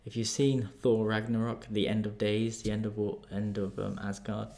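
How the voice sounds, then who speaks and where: Calm, animated English man telling a story. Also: lowish voice, normal speed, gravelly. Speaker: life coach. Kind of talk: storytelling vlog.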